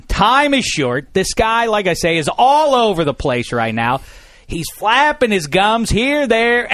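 A man's voice: a little high, a bit bright, dry recording. A man hosting a casual studio podcast, jokey and playful as he introduces guests. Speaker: podcast host.

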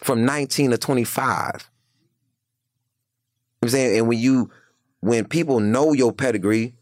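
A man with a gravelly voice telling profane, animated stories from his past in a casual chat, acting out other people's lines. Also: medium pitch, normal speed, long pauses, no echo, clean studio sound. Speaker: guest telling prison stories. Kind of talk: casual storytelling.

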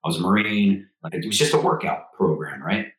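A man in his forties with a deep, low voice, talking as an interview guest. He is a lively storyteller who keeps slipping into quoted dialogue. A roomy echo hangs on his voice. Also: brisk. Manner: animated storyteller, acts out quotes. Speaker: guest, former Marine officer.

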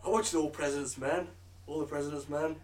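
A man's voice: on the high side, steady tone, brisk. A man co-hosting a podcast in casual chat, dropping dry quips and steering the talk. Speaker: podcast co-host. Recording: distant mic with crowd noise behind.

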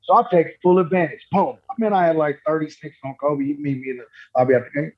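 A male podcast guest with a husky voice, telling a story in relaxed slang. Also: a little high, fast talker, highs cut off. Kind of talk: casual storytelling chat.

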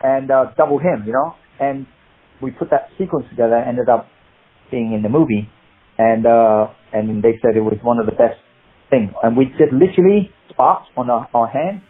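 Husky man telling stories down a phone line. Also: medium pitch, moderate pace. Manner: animated storyteller, rambling. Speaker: guest, martial arts actor. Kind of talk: anecdotal interview chat.

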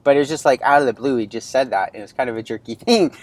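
A man's voice: mid-range voice, fast talker, hardly any pauses, dry recording. A man in his thirties hosting a podcast, telling a personal story in a loose, rambling way with many fillers and restarts. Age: 30s. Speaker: podcast host.

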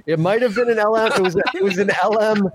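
A man's voice: high voice, fast, a crowd in the background. A man in a casual group chat, talking in a wry, teasing way and laughing often.

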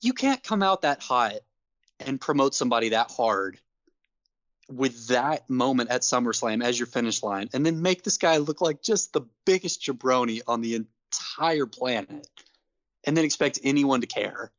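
A man co-hosting a casual podcast, ranting in an animated, exasperated way and laughing between points. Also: mid-range voice, moderate pace, no echo, dull audio. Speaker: podcast co-host. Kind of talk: casual wrestling podcast chat.

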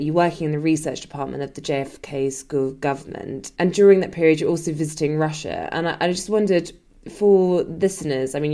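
Woman, low voice, podcast interviewer, measured probing questions. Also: a little mellow. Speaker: interviewer host.

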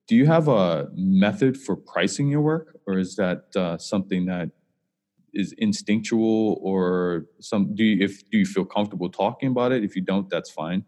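A man hosting a podcast, reflective and halting, with many fillers. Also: on the low side, mellow. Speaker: podcast host. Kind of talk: casual podcast interview. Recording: long hall reverb.

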